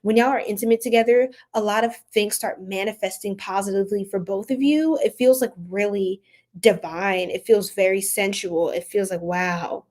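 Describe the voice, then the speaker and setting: A woman giving a casual tarot reading to her viewers, slangy and playful, laughing often and swinging from loud outbursts to soft asides. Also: medium pitch, fairly even intonation, normal speed. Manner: slangy, repeats phrases. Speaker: tarot reader.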